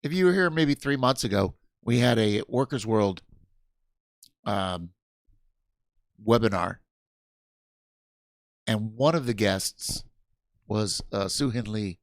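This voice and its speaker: A tired man chats his way through a late-night livestream in a gravelly, fry-laden voice. He rambles, stops and restarts his sentences, and yawns between thoughts. The sound is dry and close, with no room around it. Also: on the low side, lively intonation, slow pace, long pauses, no echo. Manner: rambling, self-interrupting, tired and yawning. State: sleepy. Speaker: livestream host. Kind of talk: casual livestream chat.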